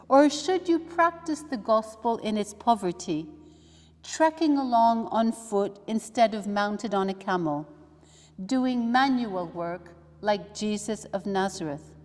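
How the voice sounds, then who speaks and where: A woman, a religious sister, leading a study day, talking slowly and thoughtfully with soft asides as she reads aloud. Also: a little high. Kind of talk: reflective teaching talk with readings. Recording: long hall reverb.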